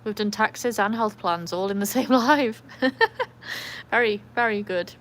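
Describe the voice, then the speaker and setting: An English woman chats her way through a casual live stream, rambling easily from one thought to the next. She pauses to read viewer comments aloud, and her voice sits at an ordinary middle pitch. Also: a bit bright, slight background noise. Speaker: livestream host with a trick dog.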